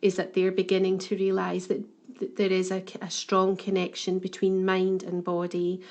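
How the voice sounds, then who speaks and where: A woman's voice: on the low side, monotone, moderate pace, a little mellow. Earnest thoughtful woman co-host. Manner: earnest, thoughtful, frequent restarts. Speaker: podcast co-host. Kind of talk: casual chat.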